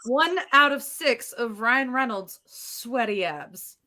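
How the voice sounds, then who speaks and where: Bright, playful woman reviewing films. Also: fairly high pitch, animated. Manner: quick, playful teasing. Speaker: film reviewer. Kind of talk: casual review chat.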